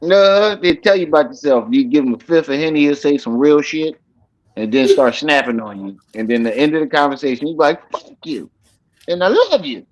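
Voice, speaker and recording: A man's voice: on the high side, a little fast, rough recording. A man chatting casually as a stream co-host, laughing and telling jokey stories. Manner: laughing, jokey, animated storytelling with put-on voices. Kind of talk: casual chat.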